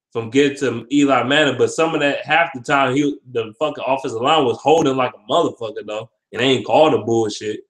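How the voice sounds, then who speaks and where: A man giving a football predictions vlog, reading comments and trash-talking with lots of profanity. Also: medium pitch. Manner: profane, animated, laughing trash talk. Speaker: sports vlogger. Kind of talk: casual trash-talk commentary.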